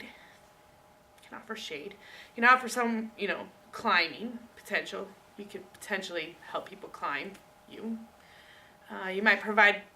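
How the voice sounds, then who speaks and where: A woman student giving a casual book talk presentation, chatty and animated, speaking straight to her listeners. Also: medium pitch, recorded from a distance.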